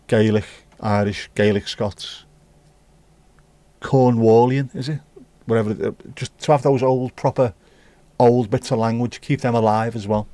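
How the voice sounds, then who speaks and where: A man hosts a laid-back livestream, rambling from thought to thought as he talks straight to his chat. His voice is dark and mellow at a middling pitch, and it sounds close and dry with no room around it. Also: no room sound. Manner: rambling, musing aloud, addressing chat directly. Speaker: livestream host. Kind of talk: casual chat with live viewers.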